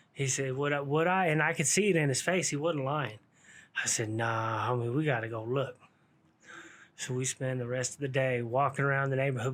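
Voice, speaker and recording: A man's voice: medium pitch, a bit bright. A man telling a story from his own past in casual, slangy street talk, swearing freely and laughing along.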